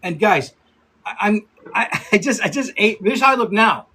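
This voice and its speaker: A man in his fifties talks casually on a livestream, laughing often and giving quick shout-outs to viewers. His voice sits high and sounds a little husky. He swears freely as he chats. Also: lively intonation, rough recording. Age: 50s. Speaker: livestream host.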